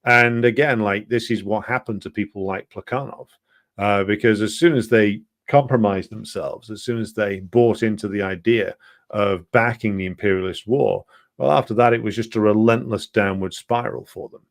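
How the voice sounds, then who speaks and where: Halting, low-voiced man explaining history. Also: steady tone, no echo, clean studio sound. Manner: halting, with frequent ums and restarts. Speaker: presenter of a political history programme. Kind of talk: unscripted explanatory talk.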